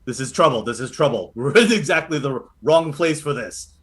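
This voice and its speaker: A man's voice: mid-range voice, lively intonation, brisk, fairly bright tone, close to an everyday voice. A man voicing a blunt, protective male sergeant who carries an axe in a tabletop game. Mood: alarmed.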